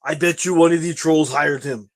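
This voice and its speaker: A man's voice: a little high, steady tone, normal speed, creaky, rough recording. A man playing a boastful, paranoid vagrant who calls himself the alpha male, in a pompous, self-pitying sketch voice. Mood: indignant. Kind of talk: comedy sketch video.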